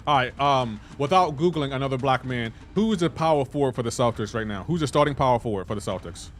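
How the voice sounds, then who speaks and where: A man's voice: medium pitch, expressive, quick pace, faint music behind. A man streaming a game live, chatting casually and playfully indignant as he banters with his chat.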